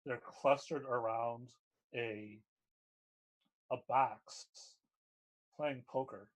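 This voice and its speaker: Guy game master narrating a tabletop scene, slow and easy, lots of ums. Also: medium pitch, fairly even intonation. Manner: unhurried descriptive narration with fillers.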